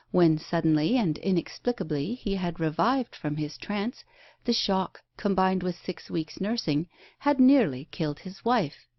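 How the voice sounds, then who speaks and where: A woman narrating a Victorian ghost story audiobook in a measured, even reading. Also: on the low side, no echo, lo-fi sound. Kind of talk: scripted narration.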